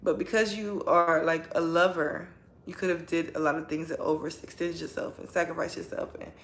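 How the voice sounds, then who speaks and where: A woman's voice: low-pitched, steady tone, brisk, echoey room. A woman giving a casual spoken tarot reading, chatty and rambling, often tagging her points with a question. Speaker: tarot reader.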